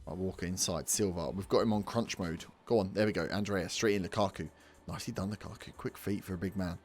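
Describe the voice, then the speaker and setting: A man's voice: deep voice, steady tone, fast, soft background music. Exasperated man commentating a game. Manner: exasperated, swears and scolds players. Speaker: let's play host. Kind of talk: gaming commentary.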